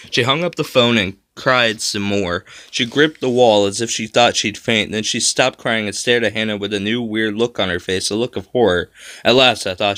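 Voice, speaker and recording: A man's voice: lowish voice, normal speed, sharp tone, dry recording, clean studio sound. A man narrating a first-person spooky children's story with a dramatic delivery.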